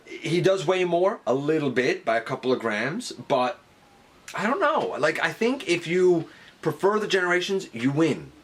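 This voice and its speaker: A man giving a casual product review, talking it through conversationally and jumping up in pitch on the words he stresses. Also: sing-song, moderate pace, slight background noise. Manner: conversational, weighing pros and cons, pitch jumping up on emphasis. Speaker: toy reviewer.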